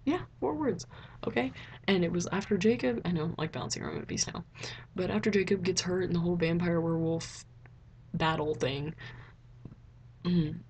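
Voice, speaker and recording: A woman's voice: normal speed, long pauses, slight background noise. Chatty young woman, rambling movie review. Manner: chatty, rambling, heavy use of "like"; expressive, swoops up in pitch when excited. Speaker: vlogger. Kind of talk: casual movie review chat.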